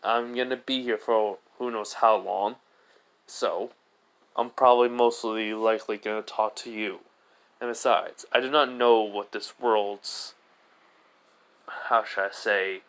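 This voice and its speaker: A man's voice: lowish voice, fairly even intonation, slow, long pauses, a bit bright. Kratos, a man doing a stern warrior god. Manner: formal, clipped, calls the boy "boy". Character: stern weary male warrior god, commanding. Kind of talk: fan story narration with voiced characters.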